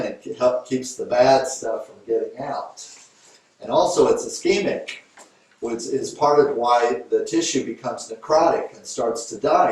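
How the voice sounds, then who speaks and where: Male teacher, conversational storyteller, boomy echoing hall, picked up from a distance. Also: darkish tone, slight background noise. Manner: conversational, storytelling, fillers and restarts. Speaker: Thai yoga teacher. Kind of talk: informal lecture with a case story. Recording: very echoey room, voice from a distance.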